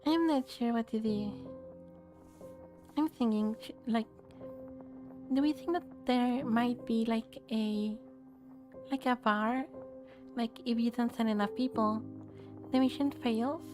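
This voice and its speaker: A woman's voice: on the high side, slow pace, pauses often, a little mellow. A woman streamer chatting casually while gaming, thinking aloud hesitantly with lots of fillers. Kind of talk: casual gameplay chat. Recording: faint background music.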